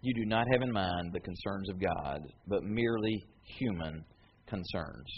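A calm, solemn male teacher who speaks in a quiet, grave, measured way, as a preacher acts him out. The sound is slightly muffled, with faint noise behind it. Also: low-pitched, voice pushed down, close to an everyday voice. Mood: stern.

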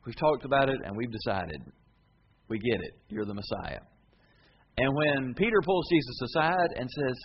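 A man's voice: medium pitch, lively intonation, moderate pace, breathy edge, highs cut off. A man pastor preaching a sermon, retelling scenes in a colloquial, dramatic storytelling way.

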